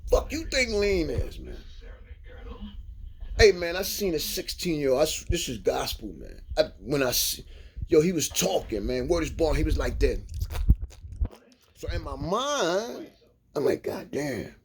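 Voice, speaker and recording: Animated, preachy man in street slang. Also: on the high side, a little slow, vocal fry, long pauses. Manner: preachy, animated street talk, lots of "man" and "you dig". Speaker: vlogger. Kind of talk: profane impassioned monologue to viewers.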